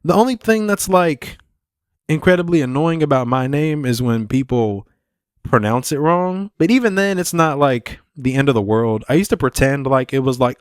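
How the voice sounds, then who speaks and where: A man's voice: fairly high pitch, lively intonation, moderate pace, smooth, no echo. Young male podcaster, loose and profane, chatting alone on a dry close mic. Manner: profane, rambling, laid-back. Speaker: podcast host. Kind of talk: casual solo podcast chat.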